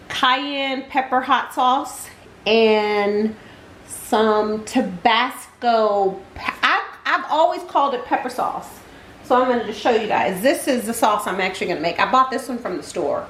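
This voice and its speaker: Chatty high-voiced woman in kitchen. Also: a bit bright, a little hiss or hum. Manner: chatty, exclaims while tasting. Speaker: cooking channel host. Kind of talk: casual cooking vlog. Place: home kitchen. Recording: roomy kitchen, mic at a distance.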